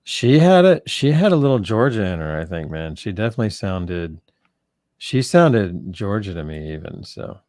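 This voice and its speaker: A man's voice: on the low side, moderate pace, no room sound, studio quality. Laid-back rambling podcast co-host man. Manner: relaxed, rambling with frequent restarts. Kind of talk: casual chat.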